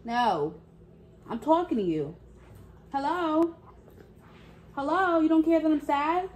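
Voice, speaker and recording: High-voiced woman playfully scolding. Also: expressive, slow pace. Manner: playful scolding, talks to toddler and viewers. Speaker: parent vlogger. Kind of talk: casual prank vlog talk.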